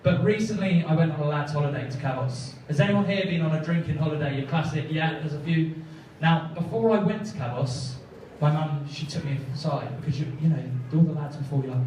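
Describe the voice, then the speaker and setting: A young man doing stand-up in a comedy club, his voice pitched a little high, with a dry, self-mocking delivery. He sounds picked up from a distance, in a very echoey room with faint noise from the crowd behind him. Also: fairly quick, few pauses. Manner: self-deprecating, deadpan asides. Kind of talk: stand-up set. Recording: echoey venue, mic heard from far.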